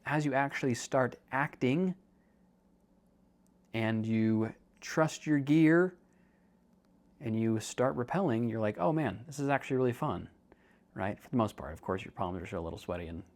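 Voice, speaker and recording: A young man with a medium-pitched, lively voice hosts a podcast, speaking a little slowly with long pauses. He's a podcast host and counselor who chats casually, cracks jokes, and calls his listeners "dude" while explaining ideas.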